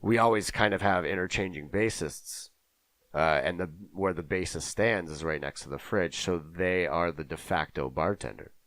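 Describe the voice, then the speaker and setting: A man's voice: sits low, moderate pace, fairly bright tone, dry recording. A man co-hosting a podcast, chatting casually and rambling, self-deprecating about his own voice. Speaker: podcast co-host. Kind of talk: casual chat. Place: basement.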